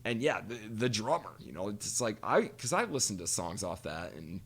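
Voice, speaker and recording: A man's voice: on the low side, sing-song, normal speed, a bit bright, husky. A man co-hosting a podcast, chatting casually and animatedly, cursing freely and telling stories with quoted voices. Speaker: podcast co-host. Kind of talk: casual chat.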